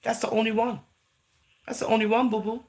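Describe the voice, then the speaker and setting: Fairly quick and a little mellow, this Englishwoman's voice is on the high side with little pitch movement. She rambles chattily to the camera in a casual vlog, filling gaps with "you know" and "right?" and slipping into Jamaican-style wording.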